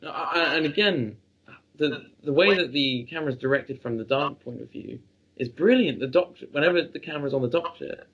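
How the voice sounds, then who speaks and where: A man co-hosting a review podcast, talking in an admiring, halting casual way. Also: on the high side, fairly bright tone, husky, poor audio. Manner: admiring, hesitant with restarts. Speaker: podcast co-host.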